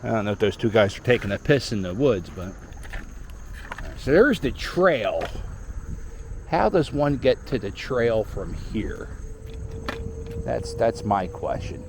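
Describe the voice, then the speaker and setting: A man's voice: fairly low pitch, very animated, unhurried, long pauses, noisy background. A man riding a scooter through a park, rambling through wry commentary and stories. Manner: rambling, wry, storytelling asides. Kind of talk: casual running commentary. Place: outdoors in a park, on a moving scooter.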